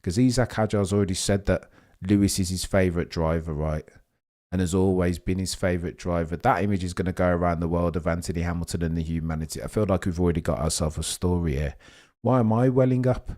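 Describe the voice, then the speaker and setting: Man, deep low voice, young adult, live stream host, excitable rambling race commentary, chats with viewers. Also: a little fast.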